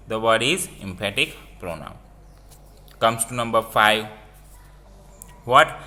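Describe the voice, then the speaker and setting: A man teaching a grammar lesson, explaining slowly and repeating each example with phrasing. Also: mid-range voice, pushed and bright. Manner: slow, repetitive explaining with non-native phrasing.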